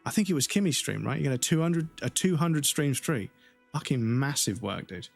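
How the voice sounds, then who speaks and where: A man's voice: fairly high pitch, expressive, fairly quick, creaky, soft background music. Rambling, swearing male game streamer. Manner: rambling, swears freely, jokes and chuckles. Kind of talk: casual chat while streaming a game.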